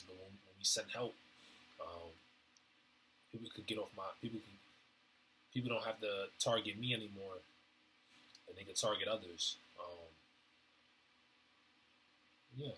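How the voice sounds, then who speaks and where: A man rambling through a casual stream-of-consciousness monologue, halting often with fillers and restarts in slangy everyday talk. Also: on the low side, sharp tone, slight background noise, low-quality recording. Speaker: vlogger.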